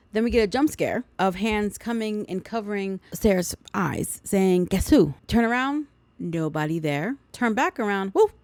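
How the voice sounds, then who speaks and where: A woman's voice: medium pitch, no room sound. A woman hosting a film recap podcast, retelling the plot casually with sarcastic asides and acted-out quotes. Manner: chatty, sarcastic asides, acts out lines from the film.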